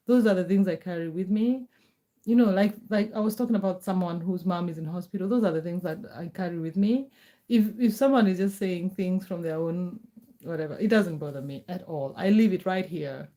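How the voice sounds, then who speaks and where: A middle-aged Kenyan woman chats casually on a live stream, reassuring viewers as she answers their comments and repeats her words. Her voice is fairly low and dark, and she talks a little fast.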